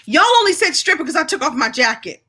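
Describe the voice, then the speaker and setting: Woman from New York hosting a lively live chat, bright and forceful, a bit high. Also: quick pace. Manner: playful, exclamatory, laughs often. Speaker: speaker hosting a live session. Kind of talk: lively live-stream chat with an improv game.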